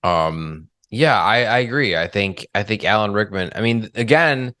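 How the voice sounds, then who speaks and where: A man co-hosting a casual film discussion, relaxed and a little hesitant as he talks. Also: fairly low pitch, moderate pace, no echo, clean studio sound. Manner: relaxed, hesitant, many fillers. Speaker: podcast co-host.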